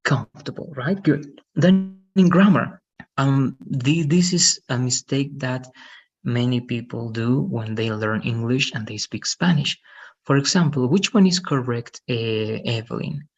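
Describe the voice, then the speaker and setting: A man's voice: medium pitch, measured pace, breathy edge, muffled recording. A man teaching an online English lesson, patiently explaining and often checking with "right?". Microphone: video call.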